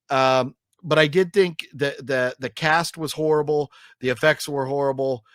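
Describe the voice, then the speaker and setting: A man's voice: medium pitch, moderate pace, fairly bright tone, no room sound, studio quality. A man co-hosting a casual film review chat, rambling with lots of fillers and restarts and griping emphatically. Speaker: co-host reviewing films.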